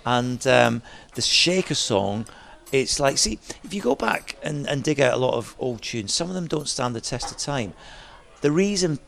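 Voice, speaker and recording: A man, a DJ guest, telling lively stories in a chat and mimicking other people's voices as he goes. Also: medium pitch, normal speed, vocal fry, slight background noise. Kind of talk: animated storytelling chat.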